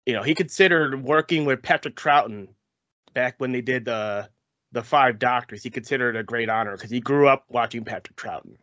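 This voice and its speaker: A man's voice: mid-range voice, fairly quick, fairly bright tone, no echo. A man co-hosting a podcast, chatting casually and explaining background details. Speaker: podcast co-host. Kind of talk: casual chat. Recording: dull lo-fi sound.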